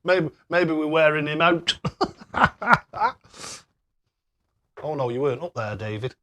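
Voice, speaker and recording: A young man runs a casual live stream with cheery, excitable chat. His voice sits a little high, and he keeps thanking viewers by name. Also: slow.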